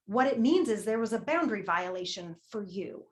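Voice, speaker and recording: A woman's voice: medium pitch, lively intonation, fairly quick. A woman leading a money-mindset workshop, candid and emphatic, swearing casually and repeating a prompting question. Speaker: workshop leader. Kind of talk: motivational workshop talk.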